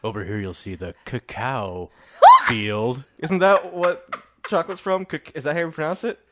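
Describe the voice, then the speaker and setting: A man's voice: medium pitch, steady tone, moderate pace, heavy background noise. A man co-hosting a casual podcast chat, joking and teasing his co-host while tasting cookies. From Indiana. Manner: joking, teasing, laughs often. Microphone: headphones and studio mic.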